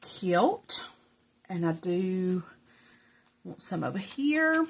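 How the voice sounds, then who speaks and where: A woman's voice: lowish voice, very animated, extremely slow. A middle-aged woman, out of breath and rambling as she chats to viewers while crafting at home. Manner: rambling and chatty, self-talk while working. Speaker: crafting vlogger. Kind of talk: casual chat while crafting. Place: home craft room, indoors.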